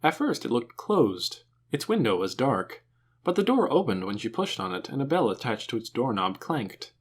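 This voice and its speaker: A man narrating an audiobook with an expressive, animated reading. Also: mid-range voice, moderate pace, slightly rough.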